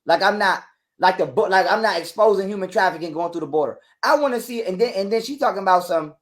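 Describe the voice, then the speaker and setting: A man, ranting in a heated interview, profane and repetitive, acting out quotes loudly. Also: sits high, animated, fast talker. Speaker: guest telling his side of a breakup.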